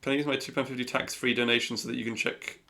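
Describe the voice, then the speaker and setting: A man's voice: mid-range voice, level tone, rapid-fire, a little hiss or hum. A man chatting casually on a live stream while speedrunning a game, rambling, mocking himself and swearing now and then. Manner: rambling and self-mocking, swearing and reacting to chat. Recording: gameplay audio with loud music behind.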